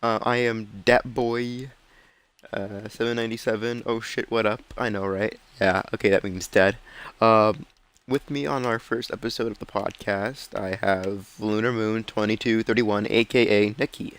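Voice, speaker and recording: A young man hosting a casual podcast while streaming a game, talking in a flat monotone and stumbling through ums and uhs. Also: on the low side, normal speed, clean tone. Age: young adult. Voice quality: self-described monotone. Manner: hesitant, full of ums and uhs. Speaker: podcast host.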